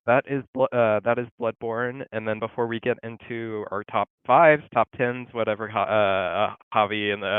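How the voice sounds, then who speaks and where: A man with a smooth, fairly low voice hosts a casual game podcast. He talks haltingly, stopping and restarting often. His voice comes through a thin, phone-like line. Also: dry recording. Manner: halting, many fillers and restarts. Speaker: podcast host. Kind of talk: casual chat.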